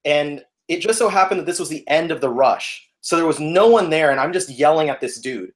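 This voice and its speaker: Young guy with a slightly high voice, telling a funny story on a podcast, acts out all the voices. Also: a little fast, few pauses. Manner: animated, laughing, acting out the people in his story. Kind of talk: casual storytelling.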